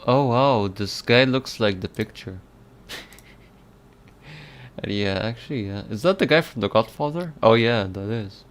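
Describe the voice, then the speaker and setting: A man's voice: on the low side, a little slow, long pauses. A man chatting casually on a live stream as a game developer, playfully reading chat aloud and answering with frequent laughs.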